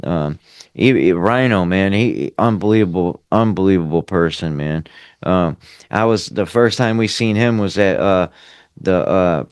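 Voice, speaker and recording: A man's voice: low voice, measured pace, clear, resonant tone, no echo, studio quality. A podcast co-host telling a story in a loose, enthusiastic way, full of "uh" and "man". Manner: enthusiastic, filler-heavy. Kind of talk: casual chat.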